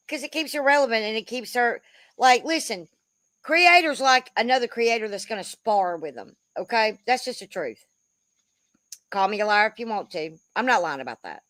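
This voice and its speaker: Speaking a bit high and bright with no echo, this woman in her fifties, a commentary creator, delivers a blunt, swear-laden, meandering rant and keeps calling people "bro."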